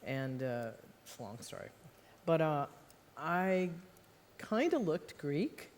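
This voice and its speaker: A woman's voice: deep voice, very animated, takes it slowly, a little mellow, slight background noise. American woman, author guest, chatty and self-mocking, lots of laughter, long hall reverb. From United States. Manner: rambling, laughs often, self-deprecating. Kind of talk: live onstage conversation. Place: stage in a large hall before an audience.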